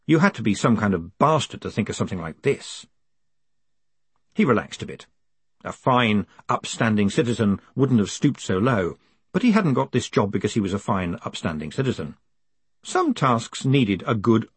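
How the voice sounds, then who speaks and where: A man narrating a comic fantasy audiobook with expressive, dryly witty delivery. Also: lowish voice, slightly rough, no room sound. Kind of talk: scripted narration.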